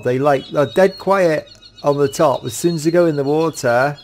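A middle-aged man, gasping and gushing with excitement while commenting on a game at home. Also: fairly high pitch, moderate pace, gravelly, slight background noise. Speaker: Minecraft YouTuber showcasing mods. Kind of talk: casual gameplay commentary.

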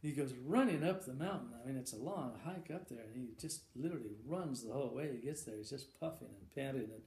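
A man telling a long shaggy-dog joke, halting and repeating words, chuckling now and then. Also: mid-range voice, gravelly, dark tone. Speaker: joke teller. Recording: echoey room with faint ambience.

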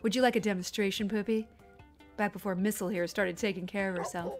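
A woman voicing a calm woman nurse who gives even, knowing advice about dogs, read from a game. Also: mid-range voice, quick pace, over music, lightly acted. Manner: even, advising tone.

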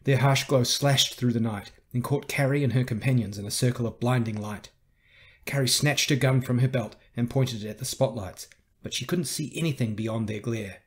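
Husky male audiobook narrator. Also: medium pitch. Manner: measured, tense storytelling. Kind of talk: scripted narration.

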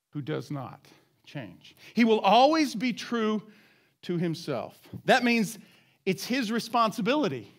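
High-voiced preacher with a lively delivery. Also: male voice. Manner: conversational preaching with rhetorical questions and call-and-response. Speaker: pastor. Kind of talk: sermon. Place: church sanctuary.

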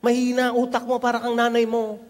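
A man's voice: very high voice, completely flat delivery, fast talker, voice pushed up. A man voicing a dismissive parent belittling a child's dream. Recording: long hall reverb.

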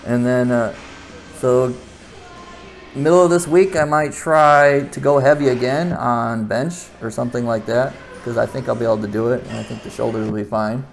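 A man's voice: mid-range voice, normal speed, vocal fry, faint music behind. Laid-back young lifter man, rambling. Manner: relaxed, rambling, with restarts. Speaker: weightlifter vlogger. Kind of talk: casual training talk to camera.

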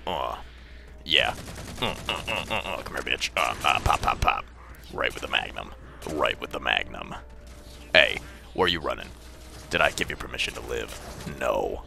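A man voicing a gruff, cocky, crude armored super-soldier in a deep gravelly put-on voice, giving comedic gameplay commentary. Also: bright, forceful tone, exaggerated voice. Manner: brash, profane, yelps when startled. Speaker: let's play gamer.

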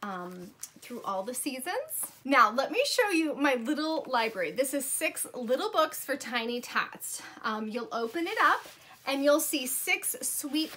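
A woman's voice: sits high, sing-song, unhurried, bright, forceful tone, slightly rough. A woman acting as a book consultant, showing off children's books in a casual, enthusiastic way, gushing and dropping frequent ums. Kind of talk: casual product showcase.

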